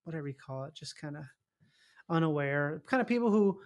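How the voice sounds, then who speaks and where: A man's voice: fairly high pitch, lively intonation, brisk. A man hosting a loose, profane, rambling casual chat. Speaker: podcast host.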